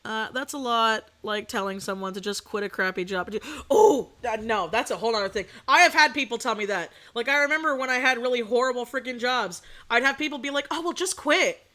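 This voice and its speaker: A woman's voice: a little high, brisk, few pauses, pushed and bright. A young woman streaming live, ranting casually to her chat, swearing and laughing between points. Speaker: VTuber streamer.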